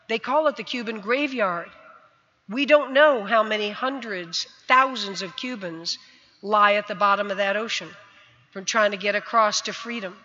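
A woman's voice: a little high, bright, forceful tone. A woman in her sixties from the United States, giving a vivid personal storytelling speech on a stage. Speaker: speaker. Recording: dull sound, long hall reverb.

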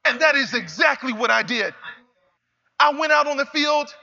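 A young man giving an emphatic motivational speech, repeating phrases and building up to shouts. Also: very high-pitched, expressive, moderate pace, vocal fry. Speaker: motivational speaker. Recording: reverberant hall, slightly dull sound.

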